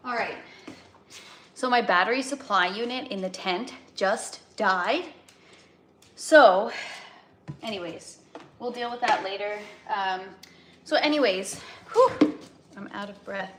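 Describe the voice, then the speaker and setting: A woman's voice: mid-range voice, slow, long pauses, slight background noise. A woman from Canada hosting a live cooking stream, rambling in casual chat and greeting viewers by name.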